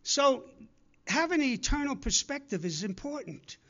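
His voice is very high-pitched with big pitch swings, a moderate pace, and a slightly bright quality, while the recording loses its highs. Preaching to his congregation, this man earnestly urges them time after time and plays out the people he quotes.

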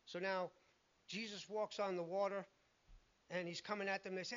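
A man's voice: sits high, little pitch movement, moderate pace, fairly bright tone, dull audio. A man preaching a sermon in an emphatic way, acting out the lines he quotes.

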